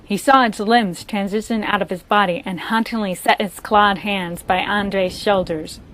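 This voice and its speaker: A young woman reads a scary story aloud, steady and measured, at a middle pitch. A faint hiss sits behind her voice. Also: rough recording.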